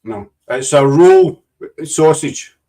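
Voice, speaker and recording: A Scottish man hosts a loose video-call chat, cracking jokes and teasing his guests. His voice sits on the higher side and sounds a little distant from the microphone. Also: animated, slow, warm tone. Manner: jokey, teasing, rambling. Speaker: host. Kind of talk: casual chat.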